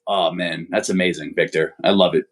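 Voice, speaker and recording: A man's voice: deep voice, steady tone, a little fast. A man co-hosting a podcast, reacting with rambling enthusiasm to stories. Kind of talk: casual chat.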